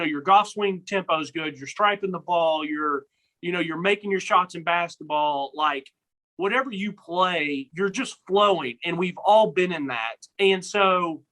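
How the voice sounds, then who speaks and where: A young man with a high-pitched, sharp voice co-hosts a casual sports podcast, rambling with many restarts and repeated words. The recording is rough.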